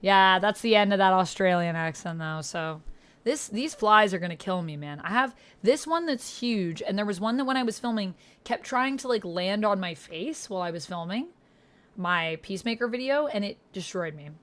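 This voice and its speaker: A woman's voice: medium pitch, animated, moderate pace, a bit bright. A woman streamer chatting casually and rambling to her viewers during a livestream.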